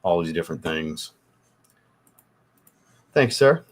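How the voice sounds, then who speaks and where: A man's voice: sits low, lively intonation, slow pace. Profane, loose man on a livestream. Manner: loose and profane, swears often. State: getting over a cold, occasional coughs. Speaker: fragrance livestream host. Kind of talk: casual livestream chat reading comments.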